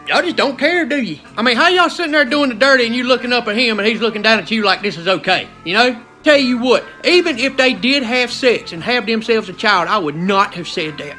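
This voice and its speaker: A man's voice: very high voice, animated, fairly quick, few pauses, pushed and bright, faint music behind. A male comedian with a South Carolina accent doing a stand-up rant in an exasperated, rowdy drawl.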